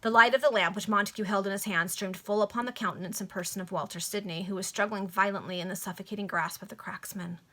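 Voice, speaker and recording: A woman casually reading a novel aloud to friends over a video call, breaking off with excited asides. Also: medium pitch, quick pace, hardly any pauses. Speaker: reader.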